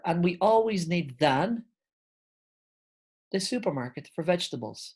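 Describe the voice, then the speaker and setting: A woman's voice: low-pitched, animated, measured pace, a little mellow, breathy edge. A woman teaching an online English grammar lesson, explaining step by step and calling her viewers guys.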